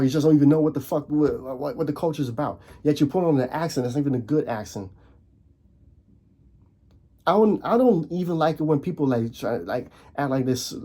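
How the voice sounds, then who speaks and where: A young man hosting his own channel, ranting casually to camera in a fired-up way, stumbling and repeating words, his voice leaping higher on emphatic points. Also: dark tone. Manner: frequent restarts and repeated words. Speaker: video host.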